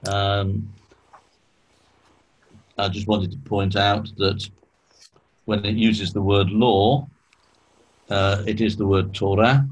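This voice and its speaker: A man teaching a small group in an informal Bible study, explaining slowly and asking questions, clearing his throat often. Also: on the low side, steady tone, a little hiss or hum, rough recording.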